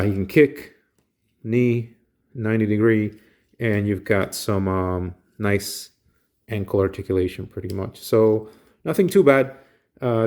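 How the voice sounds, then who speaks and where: A man casually reviewing a collectible action figure, relaxed, with frequent ums and restarts. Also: lowish voice.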